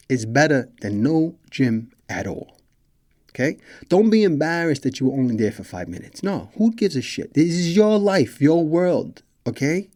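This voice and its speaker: A man's voice: on the high side, a little mellow. A man hosting a motivational podcast as a coach, talking emphatically and directly to listeners, repeating his points, asking them questions and swearing now and then. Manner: casual with mild swearing.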